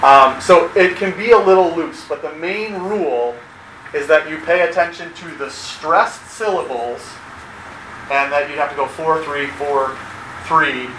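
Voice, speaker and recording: A man teaches a class in a large, echoey room, and his voice sits a little higher than most. He explains in a relaxed way, filling his pauses with "um" and "uh", and a steady hum of background noise runs under him. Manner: relaxed, explanatory, many fillers. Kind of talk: classroom lecture.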